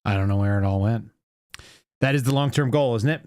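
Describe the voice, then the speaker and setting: A man's voice: mid-range voice, a little fast, a little mellow, dry recording, studio quality. A man hosting a call-in show, chatting in a loose, offhand way as he signs off. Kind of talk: casual sign-off chat.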